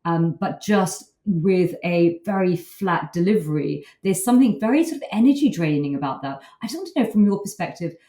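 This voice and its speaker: A woman's voice: on the low side, lively intonation, normal speed, hardly any pauses, mellow. A woman hosting a podcast interview, asking questions in a chatty way as she thinks aloud. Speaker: podcast host. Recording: echoey room, distant mic.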